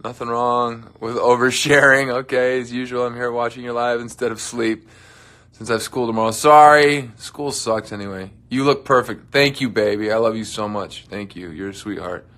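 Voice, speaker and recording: Young guy livestreaming from his dressing room, bright tone, jokey, drops to mumbles sometimes. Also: medium pitch, fairly even intonation, moderate pace. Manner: playful, joking, drifts into soft mumbles. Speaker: livestream host. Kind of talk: casual livestream chat reading comments.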